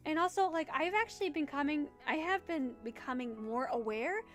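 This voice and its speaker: A woman's voice: sits high, expressive, normal speed, a bit bright, faint music behind. A young woman with a Midwestern accent, chatting casually on a livestream, rambling and giggling as she answers chat. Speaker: streamer.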